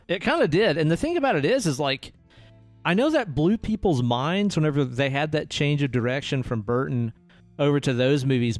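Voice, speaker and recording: A man in his thirties co-hosting a podcast, chatting casually about films, relaxed and swearing often. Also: a little high. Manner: laid-back, swears often, ends lines with "man". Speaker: podcast co-host. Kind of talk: casual film-review chat.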